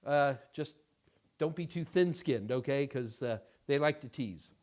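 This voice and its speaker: A middle-aged man hosting a casual live-stream Q&A, talking in a rambling, halting way with many fillers and restarts. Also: mid-range voice, darkish tone. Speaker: host answering viewer questions.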